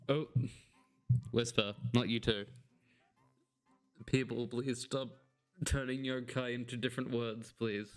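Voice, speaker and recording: A man's voice: mid-range voice, fairly even intonation, slow pace, pauses often, smooth, soft background music. Joking, sarcastic let's-play guy. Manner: joking and sarcastic, laughs often. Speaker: gameplay commentator. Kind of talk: casual let's-play commentary.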